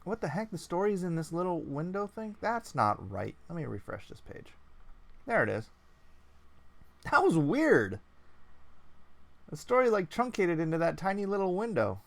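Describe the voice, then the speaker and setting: Co-host, man in his 40s, gravelly and animated, casual rambling chat, dry close mic. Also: high-pitched, moderate pace, pauses often, dry recording. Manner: chatty, laughing, rambling.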